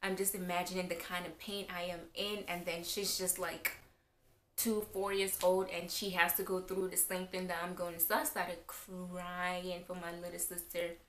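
A woman's voice: on the low side, level tone, moderate pace, a bit bright, a little hiss or hum. A young woman vlogger telling a personal story in a rambling way, with lots of fillers. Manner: rambling, filler-heavy retelling. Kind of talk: casual storytime. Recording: roomy echo.

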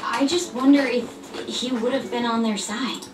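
A woman's voice: a little high, fairly even intonation, moderate pace, natural voice. An actress voicing an earnest, reserved teenage girl who is student council president in a video game. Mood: hesitant. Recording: roomy game audio. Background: game music.

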